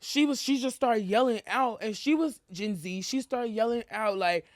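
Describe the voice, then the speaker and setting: A woman's voice: on the high side, fairly quick, hardly any pauses, no room sound. Chatty woman co-host, dry close sound. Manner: chatty, acts out quoted people in a mocking tone. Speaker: podcast co-host. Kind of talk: casual chat.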